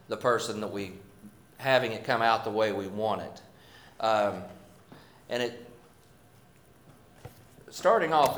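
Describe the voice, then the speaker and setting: Man preacher, mid pitch, folksy and self-deprecating sermon delivery with frequent restarts, echoey room. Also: fairly bright tone. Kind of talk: sermon with scripture reading.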